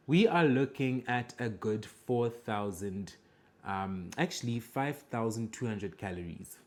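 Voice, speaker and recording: Blunt man giving judgmental reaction commentary. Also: on the low side. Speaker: reaction video host.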